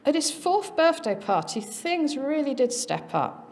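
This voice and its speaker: A middle-aged woman speaking at a conference, earnestly recounting a family experience with dramatic pauses. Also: high-pitched, sing-song, darkish tone. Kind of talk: personal storytelling talk.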